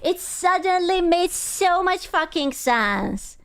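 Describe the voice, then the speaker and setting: A woman's voice: extremely high pitch, sing-song, slow pace. A young woman streamer in casual chat, blunt and profane as she rants to her viewers.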